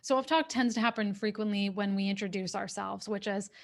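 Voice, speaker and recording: A woman executive coach speaks into her webcam during an online workshop. Her voice sits at a middle pitch, and her delivery is clear, steady and instructive. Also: a little fast. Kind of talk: workshop talk. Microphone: webcam on a video call.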